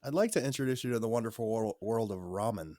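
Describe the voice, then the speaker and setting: A man's voice: lowish voice, fast, dark tone, dry recording. A man co-hosting a casual podcast, dropping wry, dry one-liners. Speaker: podcast co-host.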